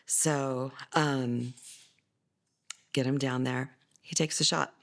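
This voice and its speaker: With fairly even intonation, a slow pace, vocal fry, and a slightly bright quality, a middle-aged mother tells her son's story in a documentary interview. She speaks conversationally with fillers and restarts, turning livelier and higher when she quotes other people.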